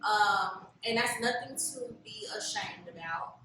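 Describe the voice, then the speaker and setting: A woman's voice: medium pitch, expressive, slow, heavy reverb, recorded from a distance, noisy background. A woman in her late twenties, a guest in an interview, talking in a chatty, reflective way with lots of fillers. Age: late 20s. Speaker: interview guest, self-love blogger. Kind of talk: casual interview conversation.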